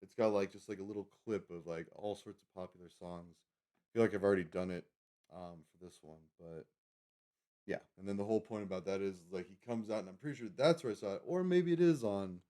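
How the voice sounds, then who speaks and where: A man's voice: fairly low pitch, brisk, dark tone. A man hosting a livestream, chatting casually and rambling with lots of fillers and self-corrections. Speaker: livestream host.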